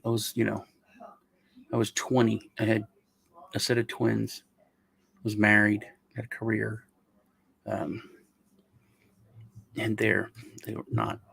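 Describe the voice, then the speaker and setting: A man's voice: mid-range voice, vocal fry. A middle-aged man hosting a casual meme review, rambling and joking as he tells stories. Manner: rambling, joking, self-interrupting. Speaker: host.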